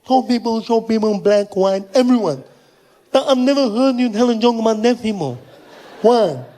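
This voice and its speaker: A stand-up comedian voicing an excited, partially deaf male athlete who is a fan and speaks bluntly. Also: extremely high pitch, normal speed, voice pushed up. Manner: blunt, eager, teasing.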